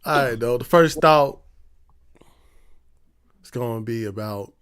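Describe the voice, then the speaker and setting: A man's voice: mid-range voice, slow pace, fairly bright tone, clean tone. Slangy upbeat podcast host man. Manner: hypes the show, slangy and upbeat. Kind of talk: casual chat.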